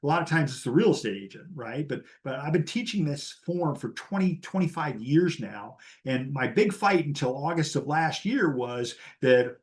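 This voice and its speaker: A man's voice: a little high, animated, brisk, hardly any pauses. A man teaching a live real estate class, blunt and chatty, acting out the dialogue he quotes.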